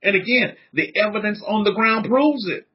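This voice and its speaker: In San Antonio, a religious teacher with a husky, high voice gives an informal sermon at normal speed. He's passionate and chatty, using casual slang, and the lo-fi recording is dull.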